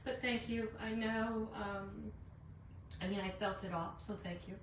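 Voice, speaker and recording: A woman's voice: mid-range voice, fairly even intonation, a little slow. A woman hosting a casual live craft demo, chatty, greeting viewers by name with lots of fillers. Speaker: craft livestream host. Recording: echoey room, voice from a distance, faint noise.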